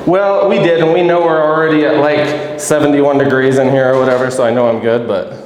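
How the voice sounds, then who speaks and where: A man's voice: medium pitch, steady tone, fairly quick, darkish tone. Joking man in an echoey room. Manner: joking, self-deprecating, chatty. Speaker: host and epoxy instructor. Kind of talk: casual workshop demonstration. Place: indoor workshop room. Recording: echoey hall-like room, faint background noise.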